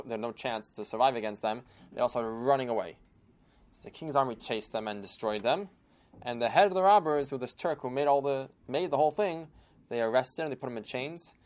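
A man telling a folk tale aloud in an animated manner, with sudden emphatic bursts. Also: medium pitch, fast talker. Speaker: storyteller. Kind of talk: oral storytelling.

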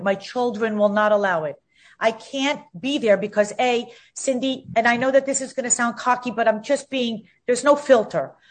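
A woman in her fifties talking as an interview guest, outspoken and combative, repeating herself when heated. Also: on the high side. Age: 50s.

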